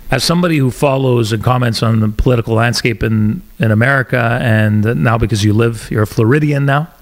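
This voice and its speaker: A man's voice: medium pitch, brisk. A man from Canada hosting a podcast, asking loose, searching questions and adding brief backchannel replies. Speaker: podcast host. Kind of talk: casual interview.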